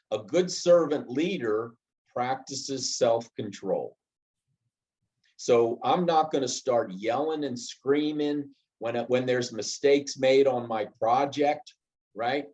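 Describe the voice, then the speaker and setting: A man's voice: medium pitch, a little mellow, muffled recording. A man giving a leadership lesson in a conversational way, often checking in with "right?" while he tells a story from his work. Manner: conversational, frequent "right?" asides and restarts. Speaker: project management trainer. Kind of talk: instructional talk with personal anecdote.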